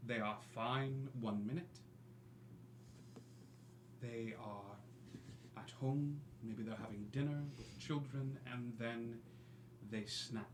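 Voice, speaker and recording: A man voicing a grim, wounded guard who speaks low, measured and grave in an echoey room. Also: close to an everyday voice. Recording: echoey room with faint noise.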